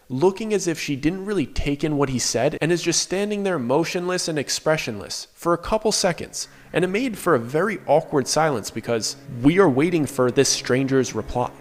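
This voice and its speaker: Young guy telling a creepy true story, chatty and animated, mid pitch. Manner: casual, conversational, animated retelling. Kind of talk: first-person horror story narration.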